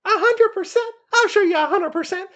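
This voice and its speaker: A man mimicking a brash, loud male wrestler who taunts his interview guests in a high, shouting voice. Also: brisk. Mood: taunting.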